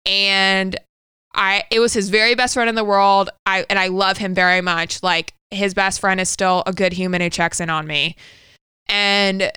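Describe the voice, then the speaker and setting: A woman's voice: medium pitch, fairly even intonation, moderate pace, bright, forceful tone, clear, resonant tone, dry recording. A woman in her thirties co-hosting a podcast, telling a personal story candidly and swearing freely. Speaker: podcast co-host. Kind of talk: casual conversational storytelling.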